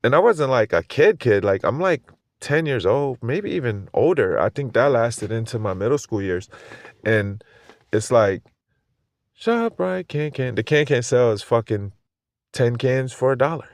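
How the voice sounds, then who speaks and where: A man's voice: medium pitch, expressive, moderate pace, no room sound. A man hosting a podcast, talking in a loose, rambling way, swearing freely and laughing often. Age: adult with a school-age kid. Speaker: podcast host. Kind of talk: casual profane monologue.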